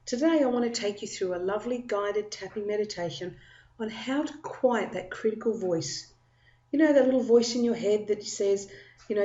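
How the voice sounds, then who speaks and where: Lady from australia talking you thru tapping meditation, soft mellow voice, roomy echo, kinda muffled. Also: medium pitch. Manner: gentle, slow, repetitive guiding. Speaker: tapping practitioner. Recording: echoey room, dull lo-fi sound.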